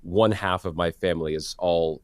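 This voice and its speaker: A man in his late thirties from New York City, a guest in a podcast interview, chatty and self-deprecating with halting restarts. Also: deep voice, fairly even intonation, clean tone, no echo. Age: 30s. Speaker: guest actor and producer.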